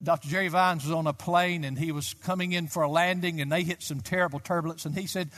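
A man's voice: fairly high pitch, steady tone, fast, a bit bright. A man in his sixties, a Baptist pastor, preaching a sermon with emphatic delivery that climbs to fervent peaks. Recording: long hall reverb.

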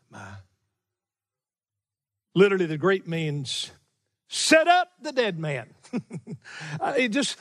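A middle-aged man preaching a sermon as pastor, emphatic and slowing down on key phrases, with chuckling asides. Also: high-pitched, big-room sound. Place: church sanctuary.

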